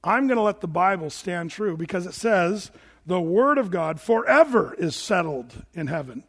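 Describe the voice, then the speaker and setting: A man with a high, bright voice preaches with animated, emphatic delivery, reading verses aloud and acting out quoted voices. His voice rings out with a long reverb, as if in a large hall. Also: moderate pace, slightly rough. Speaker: pastor. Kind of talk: sermon.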